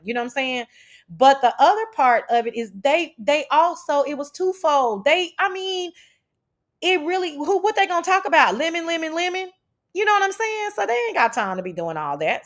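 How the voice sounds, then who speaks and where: A woman hosting a casual livestream chat, brash and profane as she talks back to her chat. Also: sits high. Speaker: livestream host.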